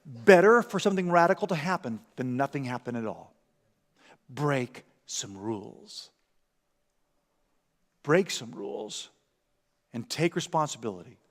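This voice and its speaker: A man preaching a sermon in a church, animated, acting out everyday scenes and often repeating words. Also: fairly high pitch, brisk, few pauses, in a large hall. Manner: animated, acts out parent and commercial voices, repeats words. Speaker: pastor. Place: church sanctuary.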